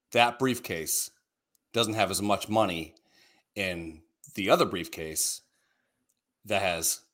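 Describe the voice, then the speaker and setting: A middle-aged man co-hosting a podcast in crude, rambling casual chat, swearing freely and laughing often. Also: on the low side. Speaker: podcast co-host.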